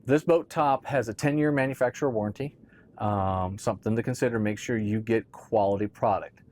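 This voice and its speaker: A man's voice: lowish voice, brisk, a little mellow, a little hiss or hum. A man casually explaining boat gear in a conversational how-to talk, often checking in with "right?". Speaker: boat owner explaining boat tops.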